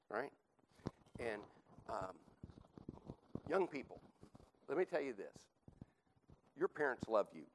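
A man's voice: mid-range voice, sing-song, takes it slowly, pauses often, a little hiss or hum, poor audio. A man teaching a Bible class, emphatic and repeating his points, often checking in with a rhetorical "right?". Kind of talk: teaching sermon.

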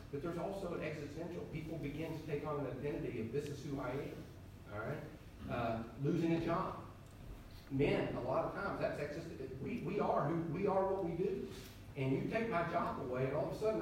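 A man's voice: on the high side, a little hiss or hum. An older man preaching a sermon in a conversational, emphatic way, with sudden rising bursts. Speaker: pastor. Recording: very echoey hall, heard from a distance.

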